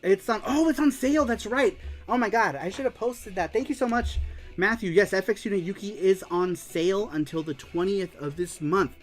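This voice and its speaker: A man hosting a casual livestream show, excitedly reading viewer comments aloud and laughing often. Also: sits high, normal speed, faint music behind. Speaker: show host.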